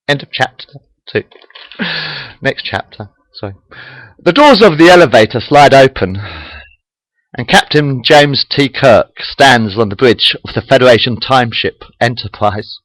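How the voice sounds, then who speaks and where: A man's voice: medium pitch, expressive, unhurried, fairly bright tone, no room sound, low-quality recording. A man casually reading his own story aloud at home on a webcam, apologizing and restarting lines. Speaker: amateur storyteller.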